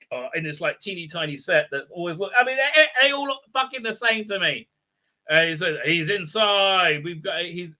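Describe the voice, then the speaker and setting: A man's voice: on the high side, bright, forceful tone. A man hosting a livestream, recapping a show in a rambling, mocking way, with many filler sounds and mouth sound effects. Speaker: livestream host. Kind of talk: casual ranting show recap.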